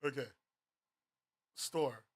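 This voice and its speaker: A man reviewing webcomic platforms in a profane, exasperated rant, laughing through it. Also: drawn-out words. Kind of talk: ranting commentary.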